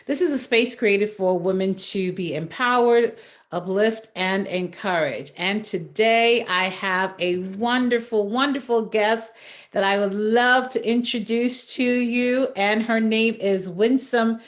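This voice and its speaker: A woman's voice: mid-range voice, slow. A woman hosting a podcast who introduces her guest with effusive, encouraging praise. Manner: effusive, warm and encouraging, laughs often. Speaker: podcast host. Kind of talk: casual interview chat.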